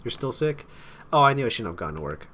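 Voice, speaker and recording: A man's voice: mid-range voice, big pitch swings, quick pace, sharp tone, a little hiss or hum, voice pushed up. A man putting on a sweetly clingy woman. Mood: pleading. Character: clingy, menacing young woman feigning worried sweetness. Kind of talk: reading a visual novel's dialogue aloud.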